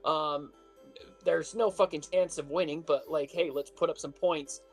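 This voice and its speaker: A man's voice: a little high, measured pace, faint music behind. A man co-hosting a casual podcast chat, telling a story with lots of swearing. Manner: animated storytelling, heavy swearing. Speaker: podcast co-host.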